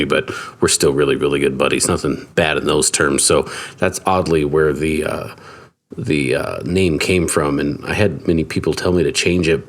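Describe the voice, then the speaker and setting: A man with a strikingly deep, low voice, chatting casually as an interview guest. He is relaxed and self-deprecating and laughs easily. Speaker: guest guitar builder.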